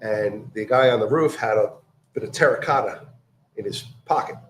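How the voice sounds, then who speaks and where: Man, casual storyteller, halting delivery with fillers; echoey room. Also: fairly low pitch, slight background noise. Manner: halting, many fillers and restarts, acts out quoted voices.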